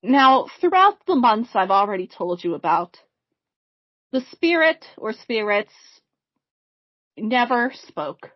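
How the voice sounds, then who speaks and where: A woman co-hosting a podcast, telling a haunting case in a measured casual way among friends. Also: fairly high pitch, very animated, no echo. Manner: reads the story in a measured way, breaks into laughter. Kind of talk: casual storytelling chat. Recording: dull, slightly lo-fi podcast mic.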